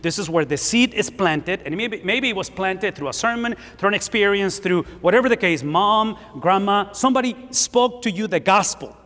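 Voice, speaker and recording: A man's voice: sits high, normal speed, hardly any pauses, a bit bright. A man in his fifties, a native Spanish speaker with a Spanish accent, preaching an emphatic sermon and often repeating words for stress. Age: 50s. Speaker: pastor. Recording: hall reverb.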